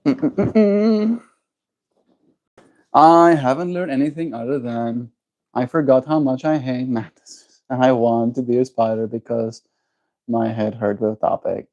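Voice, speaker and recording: A man's voice: mid-range voice, steady tone, normal speed, darkish tone. A man livestreaming, musing in loose casual chat and answering his viewers' messages.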